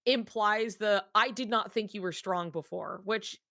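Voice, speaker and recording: A woman co-hosting a casual fan discussion podcast, talking in a rambling, animated way with lots of filler words. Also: medium pitch, unhurried, no echo, studio quality.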